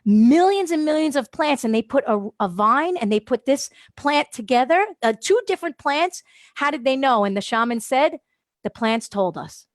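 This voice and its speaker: A woman guest on a radio show, telling a lively story, laughing often and acting out what people said. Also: sits high, moderate pace, dry recording, studio quality. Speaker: guest, holistic wellness practitioner. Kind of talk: animated storytelling in a radio interview. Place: radio studio.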